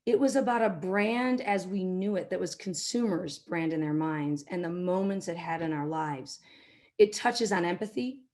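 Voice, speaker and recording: A middle-aged woman, a marketing executive, giving a business talk and telling an anecdote, now and then acting out quotes in a softer voice. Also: fairly low pitch, normal speed. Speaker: keynote speaker, marketing executive.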